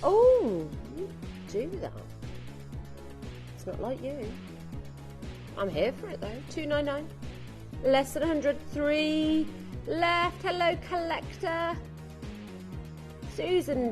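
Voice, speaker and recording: A woman presenting on a live TV shopping channel, excitable and gushing as she urges viewers to buy. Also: high-pitched. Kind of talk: live TV shopping sales patter.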